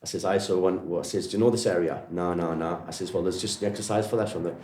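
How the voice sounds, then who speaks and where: A man's voice: deep voice, steady tone, fast, darkish tone, reverberant, slight background noise. A Geordie man from Newcastle, a martial arts coach, telling stories in a rambling, friendly way, full of "you know" and "like". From Newcastle, England. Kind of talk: casual storytelling interview.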